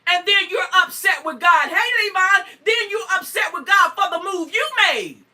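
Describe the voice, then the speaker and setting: A woman preacher from North Carolina, preaching fervently with frequent whoops and shouts and greeting listeners by name. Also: very high-pitched, expressive, moderate pace, far from the mic. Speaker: preacher on a morning show. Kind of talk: sermon.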